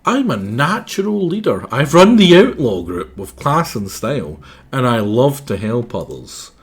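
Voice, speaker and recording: A man's voice: medium pitch, big pitch swings, a little slow, husky, full character voice. A man voicing a brash, tough female mouse outlaw in a game, talking in a boastful, swaggering way. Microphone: headset.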